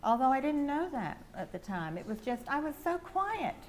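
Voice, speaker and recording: An older woman with an English accent, sharing a meandering personal testimony with soft laughs. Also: sits high, sing-song, normal speed, a little hiss or hum. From England. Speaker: testimony speaker at a prayer house.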